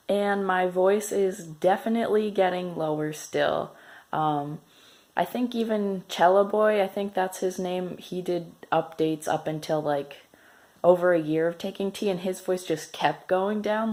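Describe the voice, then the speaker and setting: A man's voice: high-pitched, a little mellow. A man recording a casual video diary, speaking matter-of-factly. His voice is cracky. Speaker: vlogger.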